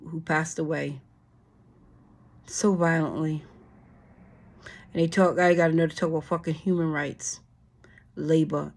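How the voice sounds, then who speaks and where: Her voice is low and gravelly as this woman reads a bill aloud on her channel. Exasperated, she curses at it, sighing often and starting over repeatedly.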